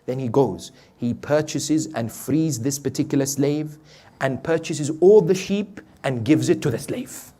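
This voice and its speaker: A man preaching a night sermon who urges his listeners emphatically, asks them rhetorical questions and drops to quiet storytelling. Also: mid-range voice, measured pace. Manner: swings between loud urging and quiet storytelling. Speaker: sheikh, preacher.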